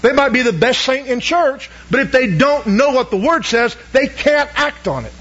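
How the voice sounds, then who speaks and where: A man's voice: very high voice, expressive, normal speed, a bit bright, husky, lo-fi sound. A man preaching a sermon, asking the congregation questions and pressing each point with emphasis. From Southern United States. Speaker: pastor.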